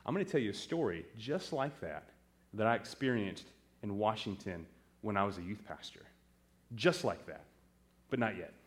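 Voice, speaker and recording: A man's voice: lowish voice, normal speed. A male pastor preaching a sermon, telling stories and calling out questions to his congregation. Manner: animated storytelling, calls to the congregation.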